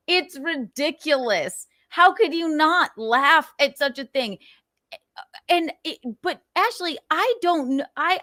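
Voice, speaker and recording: A woman's voice: sits high, bright, forceful tone, dry recording, clean studio sound. A woman hosting her talk show, speaking in a profane, defensive and emphatic way. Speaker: show host. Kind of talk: casual talk-show commentary.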